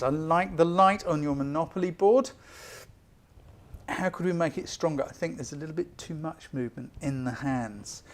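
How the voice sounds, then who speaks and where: A photography tutor critiques photos on a live stream, chatty and enthusiastic, rushing along and tossing out quick apologies. His voice is on the high side.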